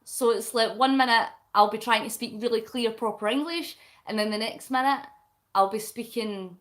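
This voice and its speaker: A woman's voice: on the high side, moderate pace, fairly bright tone. A Scottish woman from Scotland, a vlogger chatting casually with her viewers, explaining things playfully and giggling often. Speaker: vlogger reading viewer comments.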